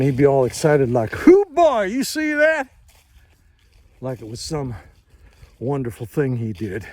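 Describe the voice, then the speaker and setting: A man's voice: mid-range voice, warm tone, a little hiss or hum. Plainspoken older man telling a story. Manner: slow, measured, plainspoken, folksy. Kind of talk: first-person spoken storytelling.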